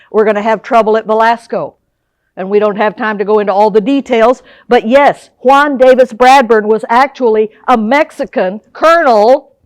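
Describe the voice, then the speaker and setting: An older woman delivers a public history lecture. She talks in a lively way and keeps asking her listeners questions. Her voice sits fairly high, and the sound is dry and close. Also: no room sound. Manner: lively, asks the audience questions. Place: lecture hall.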